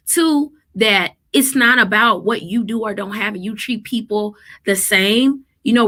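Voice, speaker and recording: A woman in her thirties, a therapist and mother, telling parenting stories in a casual, emphatic vlog style. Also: medium pitch. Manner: animated, emphatic, quotes people in lively voices.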